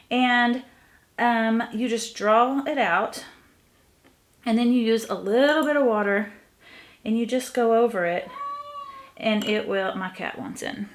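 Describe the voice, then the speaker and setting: Casual middle-aged lady talking through a craft project, sniffly, relaxed and chatty. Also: medium pitch. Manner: chatty, relaxed, thinking aloud. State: sniffly from allergies. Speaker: craft vlogger.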